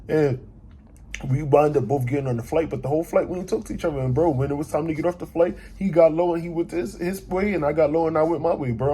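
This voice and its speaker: Animated young man ranting on a vlog. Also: on the high side, slight background noise. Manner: animated, profane, retells arguments with quoted voices. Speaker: vlogger. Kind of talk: casual storytime vlog recap.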